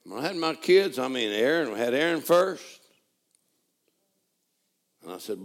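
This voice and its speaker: An older man preaching a sermon, joking folksily and building to shouted praise. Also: mid-range voice, sing-song, unhurried, creaky, pauses often. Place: church hall. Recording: live church audio with crowd. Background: congregation laughing and responding.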